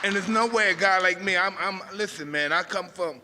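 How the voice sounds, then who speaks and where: Give me a fifties man telling a live story in a slightly high voice, with reverb from a large hall. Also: brisk, over a noisy crowd, very noisy. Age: 50s. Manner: rambling, emotional, self-interrupting.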